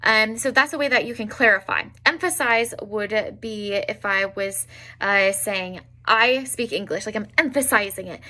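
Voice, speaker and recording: A young woman teaching an online language lesson, spelling out examples slowly with frequent fillers. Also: mid-range voice, sharp tone. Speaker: Italian teacher.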